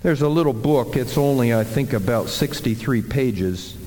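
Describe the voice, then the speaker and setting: A man preaching a sermon as a pastor, slow and deliberate, building emphasis through repeated phrases. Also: medium pitch, animated, mellow. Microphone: handheld or clip mic that slipped. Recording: long hall reverb.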